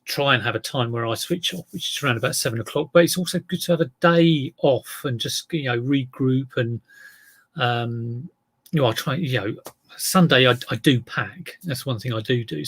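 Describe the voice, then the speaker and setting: Chatty man with a gravelly voice. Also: mid-range voice, a bit bright. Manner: rambling, chatty, greets viewers by name. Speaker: eBay reseller livestreaming. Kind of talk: casual live stream chat.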